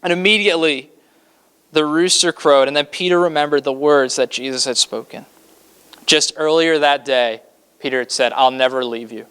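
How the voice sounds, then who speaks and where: Bright, crisp-voiced man preaching. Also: a little high, normal speed. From Kentucky. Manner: conversational, with frequent fillers; acts out scripture quotes dramatically. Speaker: pastor. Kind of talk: sermon.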